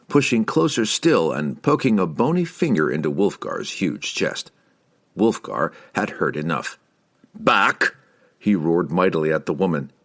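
Deep-voiced man reading a fantasy audiobook. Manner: expressive reading, shifting into character voices. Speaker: narrator. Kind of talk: scripted audiobook narration.

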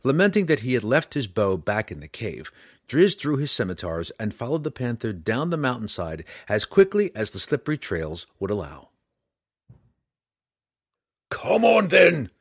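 A man narrating a fantasy adventure audiobook in an expressive, dramatic storytelling manner. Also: fairly low pitch, normal speed, breathy edge, no echo, studio quality.

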